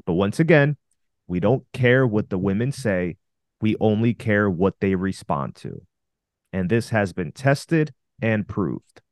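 A man's voice: lowish voice, very animated, unhurried, a little mellow, no echo, studio quality. A man co-hosting a podcast, giving blunt, commanding dating advice to male listeners. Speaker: dating coach podcast co-host. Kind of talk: confident advice talk.

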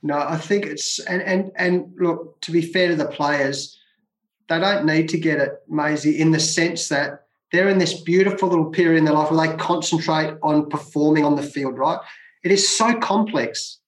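A middle-aged Australian man with a rather high voice tells his stories with emphasis, circling back to repeat his points. His voice rings with a roomy echo. He sounds like a guest talking freely in an interview. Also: fairly even intonation, moderate pace. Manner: emphatic, repeats phrases for effect. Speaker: guest, former cricketer. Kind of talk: conversational storytelling.

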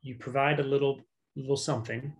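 Podcast guest: gravelly middle-aged man from South Louisiana, a reflective therapist who hedges with fillers and restarts. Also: mid-range voice, steady tone, fairly quick, rough recording. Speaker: manual therapist. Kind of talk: casual podcast conversation.

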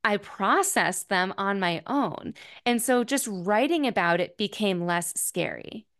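A woman's voice: medium pitch, animated, a little slow, a bit bright. A woman in her thirties, a podcast host, talking alone about her feelings in a candid, thoughtful way, often saying "like". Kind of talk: reflective personal monologue.

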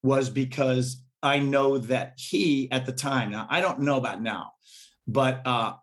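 Middle-aged guy musician chatting, animated, laughs a lot while telling stories. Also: medium pitch, measured pace. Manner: animated storyteller, laughs and acts out quotes. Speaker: musician guest. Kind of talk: casual interview storytelling.

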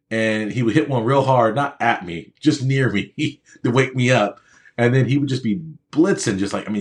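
Man, mid-pitched, emphatic motivational speaker who talks casually with the crowd and repeats his points. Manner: conversational, checks in with the audience. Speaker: motivational speaker to aspiring medical students. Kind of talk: motivational speech with personal stories.

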